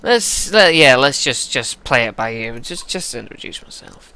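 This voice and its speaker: Joking gamer, bright clear voice. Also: male voice, medium pitch, animated, moderate pace, few pauses, no room sound. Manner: joking, self-deprecating asides. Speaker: lets-play narrator. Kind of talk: casual gameplay commentary.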